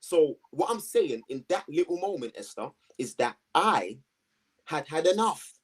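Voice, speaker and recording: Animated, husky-voiced man. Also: on the high side, a little slow. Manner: animated, slangy storytelling with acted-out quotes. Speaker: guest. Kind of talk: storytelling in a conversation.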